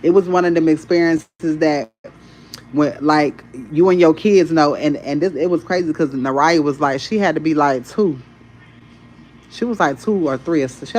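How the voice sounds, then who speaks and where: Woman, spiritual creator, casual storytelling, animated, heavy swearing, rambling, faint background noise. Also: sits low, low-quality recording.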